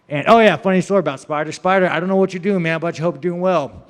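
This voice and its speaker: A young man tells a story in a loose, rambling way, swearing freely and laughing between lines. His voice sits a little high for a man. The recording has a long, echoing reverb. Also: racing. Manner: profane, rambling, laughing asides. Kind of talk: casual storytelling.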